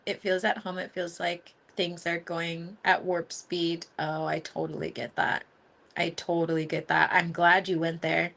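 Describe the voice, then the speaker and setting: A woman's voice: fairly low pitch, little pitch movement, moderate pace, creaky, fairly bright tone. A woman hosting a live Q&A as a spiritual teacher, chatting casually with viewers, gushing and affectionate, laughing often and leaning on fillers. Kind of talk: casual live-stream chat answering viewer comments.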